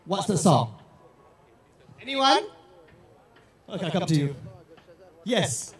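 A man hosting a crowd game on stage with lots of energy, shouting and repeating words quickly over the crowd. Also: sits high, big pitch swings, distant mic, over music. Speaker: event host. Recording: echoey hall, heard from afar.

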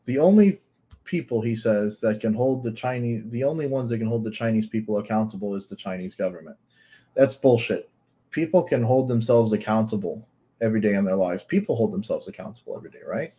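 A man's voice: fairly low pitch, fairly quick, dark tone, husky. A man giving blunt, profane reaction commentary on a video, piling up rhetorical questions.

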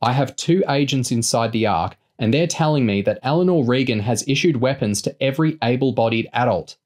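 A man voicing an exasperated woman intelligence officer who shouts her warnings insistently, in an audiobook reading. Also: medium pitch, animated, brisk, voice pushed up, close to an everyday voice. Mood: urgent, firm.

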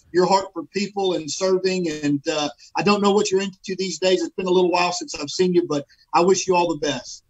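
Encouraging male co-host, high pitch, husky tone, warm friendly chat. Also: highs cut off. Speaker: radio co-host. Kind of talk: casual morning show chat.

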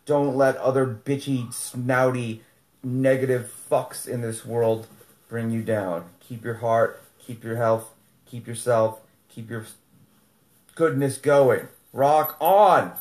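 A man hosting a casual live stream from his home studio, blunt and ranting, swearing freely and slipping into a high sing-song when he talks to his dog. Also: level tone, slow pace, a little mellow, echoey room.

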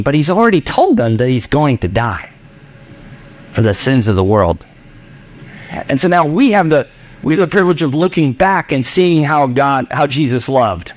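Man, pastor, lively sermon, jokey asides, acts out his listeners, church. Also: a little high. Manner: animated, jokey, acts out voices of the congregation.

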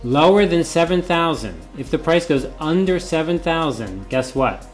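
A man's voice: a little high, expressive, normal speed, few pauses, faint music behind. A male professor giving a classroom lecture, often repeating key points and asking rhetorical questions.

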